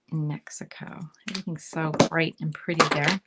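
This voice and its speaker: A woman from Canada giving a casual live card-making demonstration, chatting and thinking aloud as she colors, often dropping to a soft murmur. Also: low voice, steady tone, normal speed, few pauses, noisy background.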